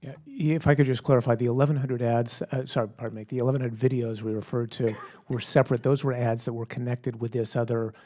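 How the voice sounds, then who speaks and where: A man's voice: mid-range voice, fairly even intonation, fast, hardly any pauses, dark tone. A man, a company executive, answering questions at a congressional hearing, careful and correcting himself as he goes. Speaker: tech company executive witness. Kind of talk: testimony at a hearing. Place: hearing room.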